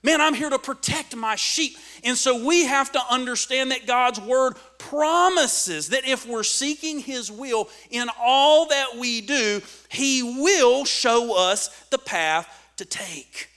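A man preaching a sermon with dynamic swings between loud emphatic lines and hushed asides. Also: extremely high pitch, lively intonation, slow, hardly any pauses, clean tone. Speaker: pastor.

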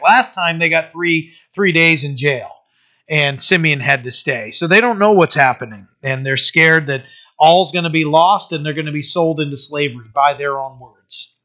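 A male pastor giving a conversational sermon, with many fillers and restarts, who slows down to read scripture aloud. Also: on the high side, pushed and bright, lo-fi sound. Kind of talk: sermon, informal Bible teaching.

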